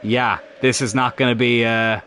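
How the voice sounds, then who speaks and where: A man's voice: mid-range voice, level tone, moderate pace, bright, forceful tone. Male gaming commentator, exasperated and profane, faint noise in the background. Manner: frustrated, swearing, talks to the players on screen. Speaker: gaming YouTuber playing a football career mode. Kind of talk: live gameplay commentary.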